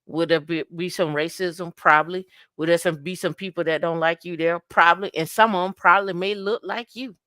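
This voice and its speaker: Bright, crisp woman podcast co-host. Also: lowish voice, brisk, few pauses, no echo, clean studio sound. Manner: lively storyteller who acts out dialogue; emphatic, repetitive advice-giving. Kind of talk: casual podcast talk.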